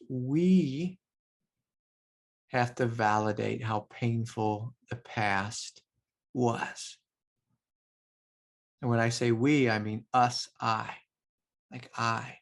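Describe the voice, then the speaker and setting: Gravelly-voiced man giving a spiritual talk. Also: mid-range voice, little pitch movement, takes it slowly. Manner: loose, reflective, full of "like" and soft laughs. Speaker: spiritual teacher.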